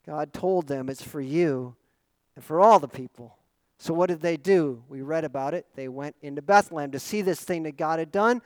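High-voiced pastor preaching with big swings. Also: male voice, no echo, low-quality recording. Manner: dynamic preaching with rhetorical questions, swinging from loud emphasis to quiet asides. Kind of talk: sermon.

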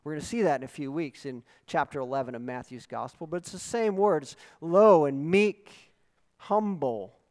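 A male pastor delivers a sermon at normal speed as an earnest teacher, swelling into emphatic calls. His voice is a bit high and carries a long church reverb.

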